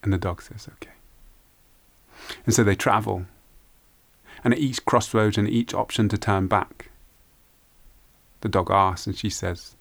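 Slow gravelly-voiced storyteller man. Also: lowish voice, steady tone. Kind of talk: oral folk-tale storytelling.

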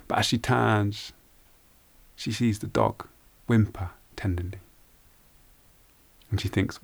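A man telling a folk tale aloud in an unhurried, hushed way, with repeated phrases. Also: on the low side, steady tone, vocal fry, slightly rough. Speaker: storyteller. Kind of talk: oral folk-tale storytelling.

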